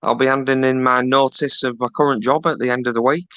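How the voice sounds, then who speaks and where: A man chats casually as a stream guest, hesitant and filling pauses with "uh" and "um". His voice sits at an ordinary pitch. The sound is dry and close, with a dull, lo-fi quality. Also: steady tone, fairly bright tone, dry recording. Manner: hesitant, many "uh" and "um" fillers. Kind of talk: casual chat. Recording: dry, muffled lo-fi audio.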